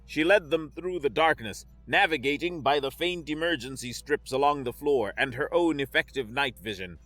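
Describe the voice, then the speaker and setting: A man reading sci-fi narration in a steady, measured way. His voice is bright and forceful, recorded dry and close with faint music behind. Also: fairly high pitch, no echo.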